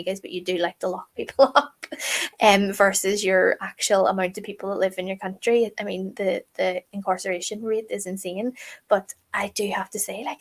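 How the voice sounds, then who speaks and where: A woman's voice: mid-range voice, vocal fry, husky. Chatty middle-aged woman co-hosting. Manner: chatty, emphatic storytelling with many fillers. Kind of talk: casual chat.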